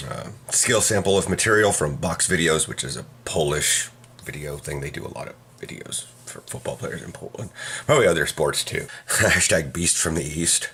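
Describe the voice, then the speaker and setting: A man's voice: a bass voice, lively intonation, moderate pace, a bit bright, a little hiss or hum. A man chatting casually to camera in a vlog, rambling and often cutting himself off mid-sentence. He talks indoors, near a counter. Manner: rambling, chatty, self-interrupting. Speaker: vlogger.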